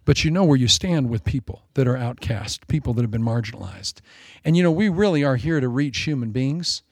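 Gravelly animated preacher in his forties. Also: medium pitch, fairly quick, no echo, clean studio sound. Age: 40s. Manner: animated, joking, self-mocking asides. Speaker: pastor. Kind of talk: sermon.

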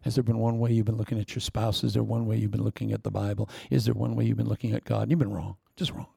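A man preaching a sermon, blunt and teasing, swinging between sudden loud bursts and hushed, near-whispered asides. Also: fairly low pitch, monotone, fast talker, creaky, husky, no echo, studio quality. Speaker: pastor.

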